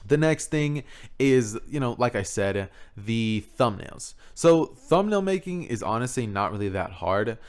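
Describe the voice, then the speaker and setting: A man's voice: mid-range voice, lively intonation, a little slow, clean tone. Guy youtuber talking thru his editing stuff, casual and rambly, lots of "pretty much", jokey asides, studio mic. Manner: laid-back, rambling with fillers and self-mocking asides. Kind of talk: casual video tutorial. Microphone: XLR studio microphone.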